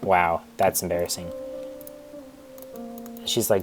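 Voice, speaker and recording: A man's voice: lowish voice, steady tone, normal speed, soft background music. A young man casually telling a rambling school story in a storytime vlog, digressing and restarting often. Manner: rambling, digressive, self-interrupting.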